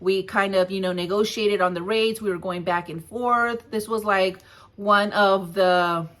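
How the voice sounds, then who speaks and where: A woman in her forties talks straight to the camera in a relaxed vlog about her trucking business. She tells stories in a lively, no-nonsense way, breaking into easy laughs. Her voice sits at a middle pitch for a woman. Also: unhurried. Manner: lively retelling, frequent laughs, firm and blunt. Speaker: hotshot trucking business owner. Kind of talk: casual storytelling vlog.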